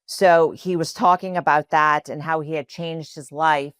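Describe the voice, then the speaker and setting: Low-voiced woman, native Spanish speaker. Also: fairly even intonation, unhurried, a bit bright, clear, resonant tone, dry recording, clean studio sound. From New Orleans, USA. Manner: earnest, emotional, many fillers. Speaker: podcast guest. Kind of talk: personal faith storytelling.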